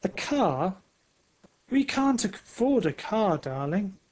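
A man voicing a kind, practical wife and mother in a storybook, talking gently and reasonably. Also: high-pitched, lively intonation, takes it slowly, poor audio. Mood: coaxing.

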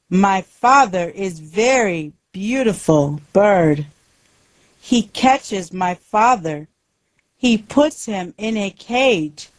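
A woman's voice: mid-range voice, no room sound. A woman voicing a shy, sad little bird. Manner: slow, gentle, simple lines.

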